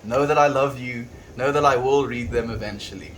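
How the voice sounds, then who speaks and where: Soft-spoken South African man streaming. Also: mid-range voice, brisk, a little hiss or hum. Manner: soft-spoken and reflective, reads chat messages aloud. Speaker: livestreamer. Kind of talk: casual livestream chat.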